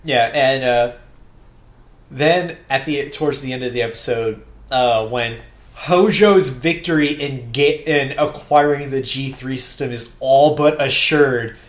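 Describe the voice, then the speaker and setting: A man's voice: mid-range voice, a little slow. Casual male co-host, rambling recap, plays out quotes, roomy echo. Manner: rambling, restarts often, acts out quotes. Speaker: podcast co-host.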